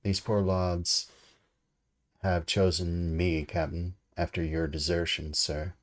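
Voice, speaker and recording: A man voicing a cheery, wily one-legged pirate captain who bargains in a loud, hearty, cajoling way. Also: deep voice, level tone, slow pace. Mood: hearty bargaining.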